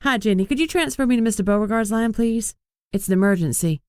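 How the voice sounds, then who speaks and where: A man's voice: high-pitched, fast talker, a little mellow, clean tone, dry recording, clean studio sound, pitched above the performer's own voice, natural voice. A narrator voicing a confident young woman publicist who talks politely and with poise. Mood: poised.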